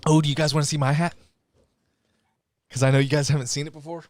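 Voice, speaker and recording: A man co-hosting a live podcast in casual chat, joking and animated, swearing freely. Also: on the high side, fast talker, dry recording, studio quality. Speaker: podcast co-host.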